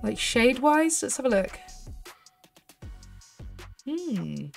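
A British woman of thirty hosts her gaming video in a chatty, bubbly way, thinking aloud and squealing at small wins. Her voice sits a little high. Soft music plays faintly under her talk. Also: sing-song, slow pace, gravelly. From United Kingdom. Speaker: gaming channel host. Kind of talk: casual gameplay commentary.

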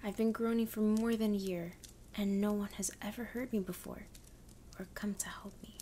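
Woman whispering a gentle tin man, grateful and polite, storybook, whispered role-play, soft and unvoiced. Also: medium pitch, fairly even intonation, moderate pace, a little hiss or hum, natural voice.

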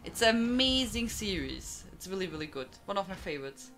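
Chatty German woman streamer, lively pitch. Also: fairly quick, faint music behind. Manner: chatty, greets viewers by name, laughs often, many restarts. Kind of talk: casual live-stream chat with viewers.

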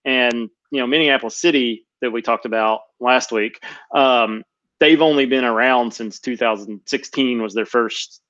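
A man's voice: medium pitch, normal speed, fairly bright tone, no room sound. Man, podcast host, casual chat, rambling with ums, dry slightly muffled recording. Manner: rambling, lots of ums and self-corrections.

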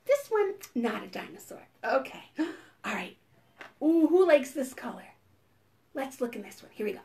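A woman leads a storytime for small children in a high, bouncing voice that leaps up and down. She speaks slowly and plainly, with playful gasps and animal noises. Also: very animated, gravelly. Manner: sing-song, playful, full of gasps and animal sounds. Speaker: children's librarian. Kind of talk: preschool storytime.

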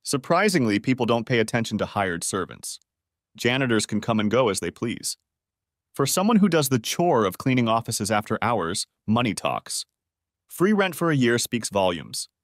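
A man narrating a first-person revenge story with a wry, expressive delivery. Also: medium pitch, moderate pace, no echo, studio quality.

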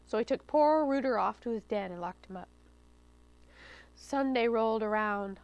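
Woman librarian reading a children's story aloud, high voice and lively, in a dry studio. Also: normal speed, pauses often, no echo, poor audio. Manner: lively and expressive. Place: studio taping for local cable TV.

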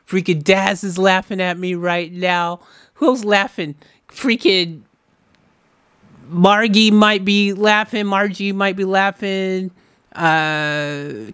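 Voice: medium pitch, a bit bright, clean tone, no echo. A music reaction host in casual commentary, joking and teasing the viewers in a playful way. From United States.

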